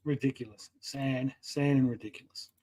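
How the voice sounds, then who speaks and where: A man's voice: mid-range voice, fairly even intonation, moderate pace, mellow, no echo. A man co-hosting a live stream, sarcastic and swearing freely. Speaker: co-host. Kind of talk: casual live-stream chat.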